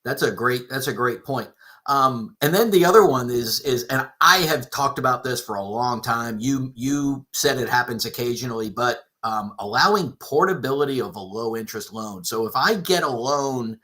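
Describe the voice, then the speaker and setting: A man hosting a live mortgage show, talking casually, with halting restarts and questions put to his co-host. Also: medium pitch, animated, sharp tone. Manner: hesitant, repeats words, asks questions.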